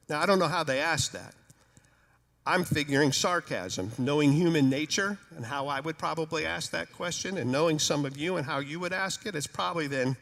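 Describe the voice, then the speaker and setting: A pastor delivering a sermon with lively, joking storytelling, his voice sitting fairly high for a man. Long reverb from the church sanctuary trails behind each phrase. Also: moderate pace, creaky. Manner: conversational, humorous, animated storytelling.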